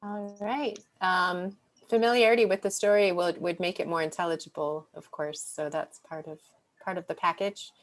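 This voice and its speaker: Female moderator, lower register, academic but casual, video-call sound. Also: fairly even intonation, moderate pace. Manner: thoughtful, academic, uses "like" and "um" often. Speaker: discussion moderator. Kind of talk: casual panel discussion.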